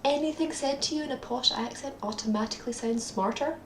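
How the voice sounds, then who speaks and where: Young Scottish woman vlogging at home: gravelly, rambling, echoey room. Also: sits high, brisk, a little hiss or hum. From Scotland. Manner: rambling and self-deprecating, many ums. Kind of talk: casual daily video diary. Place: at her parents' home, indoors.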